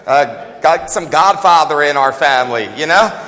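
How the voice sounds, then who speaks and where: A man preaching a sermon as a pastor, talking fast and joking in a conversational way, recorded with long hall reverb in a church. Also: fairly high pitch, lively intonation, a bit bright. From United States.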